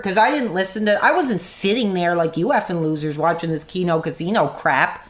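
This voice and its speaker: A man's voice: high-pitched, expressive, normal speed, hardly any pauses, a bit bright. A man streaming an angry rant into his own mic, swearing, mocking and then apologizing for his language. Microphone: own desk mic.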